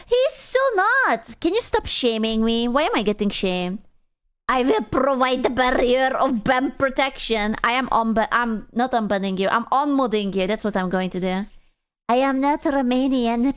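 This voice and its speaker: A woman's voice: a little high, clear, resonant tone. Playful Hungarian-accented woman streamer. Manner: playful, teasing, swears freely, rambles. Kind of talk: casual live-stream chat with viewers.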